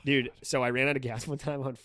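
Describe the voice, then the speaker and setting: A comedian guest in casual podcast chat, telling stories in an animated way, acting out quotes and laughing as he goes. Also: mid-range voice, quick pace, slight background noise. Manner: animated storyteller who acts out quotes, laughs mid-story.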